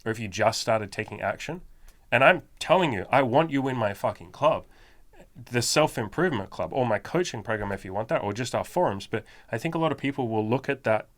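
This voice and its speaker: A man's voice: mid-range voice, expressive, a little fast. A man who is a self-improvement coach and podcast host, talking in a blunt, emphatic, profanity-laden motivational style.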